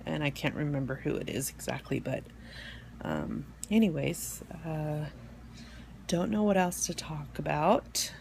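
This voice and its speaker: Gravelly-voiced woman hosting a live stream. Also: low voice, expressive, slight background noise. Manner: rambling, halting, with many fillers and restarts; soft and heartfelt, near tears at times. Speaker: host of an online support group. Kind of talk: casual live-stream talk. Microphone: phone or webcam for a live stream.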